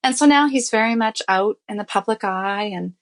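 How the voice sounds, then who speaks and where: A woman's voice: medium pitch, normal speed. Earnest woman telling a personal story. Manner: candid and earnest, heavy with fillers like "you know" and "I mean"; emotional, reliving events as she tells them. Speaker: interview guest. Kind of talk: personal storytelling in a conversational interview.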